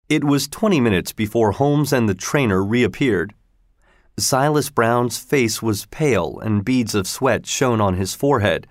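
A man narrating a story as a plain, even audiobook reading. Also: medium pitch, a little slow, no echo, clean studio sound.

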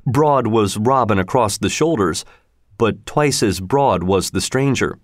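A man reading a storybook aloud in a measured, expressive way. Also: fairly low pitch, no room sound, clean studio sound. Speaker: narrator.

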